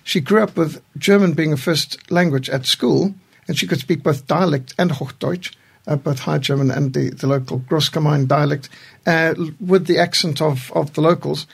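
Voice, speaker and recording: Man, 60s, studio guest. Husky, gravelly storyteller with a warm chuckle. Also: fairly high pitch, normal speed. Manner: storytelling, chuckles through anecdotes. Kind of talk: reflective studio conversation.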